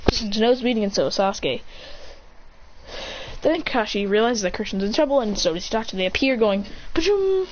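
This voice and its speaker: A woman improvising a fan story, rambling and excited, with many restarts and sound effects, on a dull lo-fi recording. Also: mid-range voice, a little fast, pauses often, a little hiss or hum.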